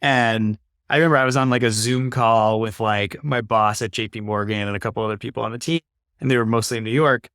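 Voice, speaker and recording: A man's voice: lowish voice, fairly even intonation, a little fast, a bit bright, smooth, no room sound, clean studio sound. A man in his thirties, an earnest and reflective podcast guest talking casually, often saying "like.". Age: 30s. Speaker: podcast guest, climate investor. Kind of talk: casual conversation.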